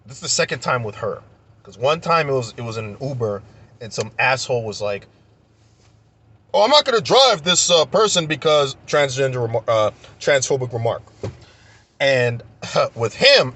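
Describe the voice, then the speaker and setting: Young man, vlog rant, husky and forceful, profane and fired up. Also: medium pitch. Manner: heated, profane, repeats himself when worked up. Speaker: vlogger. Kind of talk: casual storytelling rant.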